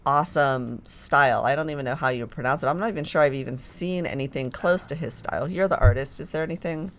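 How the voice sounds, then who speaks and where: A woman's voice: low voice, fast talker. Chatty enthusiastic woman on a podcast. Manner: chatty, enthusiastic, lots of fillers. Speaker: podcast guest, filmmaker staff. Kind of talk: casual chat.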